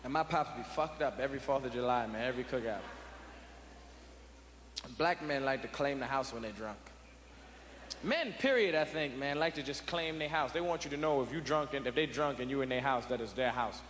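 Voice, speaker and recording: A male stand-up comedian telling profane, animated family stories. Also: mid-range voice, fairly quick. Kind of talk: stand-up routine. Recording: echoey hall with audience noise.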